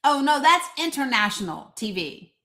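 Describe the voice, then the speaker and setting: A woman with an East Tennessee accent rants through live political commentary. Her voice sits high and bright, and her delivery is blunt, sarcastic and salty. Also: sing-song, moderate pace. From Northeast Tennessee. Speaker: live show host.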